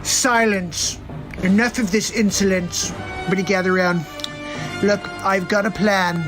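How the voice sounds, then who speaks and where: A man's voice: high voice, fairly even intonation, moderate pace, over music, close to an everyday voice. A man doing a comedy impression of a grandiose middle-aged male villain, barking pompous orders and muttering flustered asides. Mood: scheming.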